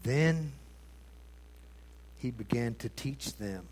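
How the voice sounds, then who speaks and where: Male preacher, sermon, rhetorical questions, loud bursts, quiet asides. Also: medium pitch, lively intonation, very slow. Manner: dramatic swings between loud emphasis and hushed tones; addresses congregation with rhetorical questions.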